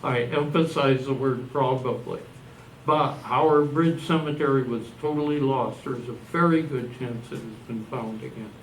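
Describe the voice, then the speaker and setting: A man's voice: medium pitch, moderate pace, a little hiss or hum. An older man from Canada giving an informal presentation to a live audience, rambling a little and correcting himself as he goes. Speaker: presenter at a genealogy society talk. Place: meeting room. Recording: echoey room recorded from a distance.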